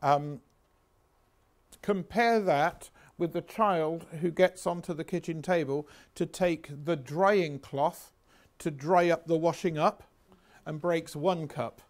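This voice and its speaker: A man's voice: on the high side, takes it slowly. Chatty anecdotal lecturer in his sixties. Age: 60s. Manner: chatty, anecdotal and self-mocking. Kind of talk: revision lecture.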